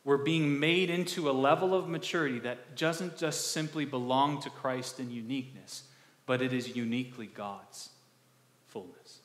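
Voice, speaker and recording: A male pastor preaching a conversational sermon, asking the congregation questions and restarting words in quick bursts. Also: medium pitch. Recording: echoey hall with long reverb.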